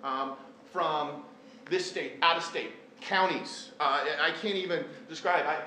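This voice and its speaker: A middle-aged man speaks to a live audience, telling an earnest story with self-deprecating jokes. His voice sits a little high and sounds bright and forceful. The recording is roomy and echoey, with a faint hum in the background. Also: measured pace. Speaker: teacher and event speaker. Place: large echoey hall. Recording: echoey hall, faint room noise.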